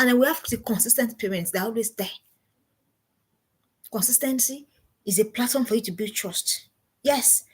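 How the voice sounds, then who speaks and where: Middle-aged female parenting coach, breathy and a touch high, insistent and repetitive in delivery. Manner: emphatic, repeats key phrases as commands. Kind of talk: motivational seminar talk.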